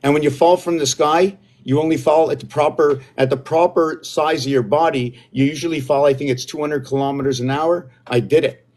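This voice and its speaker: A man hosting a live stream alone, talking in a meandering, excitable way and often losing his own thread. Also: fairly high pitch, brisk, hardly any pauses. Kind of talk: rambling solo livestream talk.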